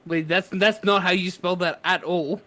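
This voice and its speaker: A man's voice: high-pitched, steady tone, normal speed, bright, forceful tone, a little hiss or hum. A man hosting a live stream, chatting casually and exasperated while he fixes broken chat commands. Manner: chatty, exasperated, laughing at tech troubles. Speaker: streamer host.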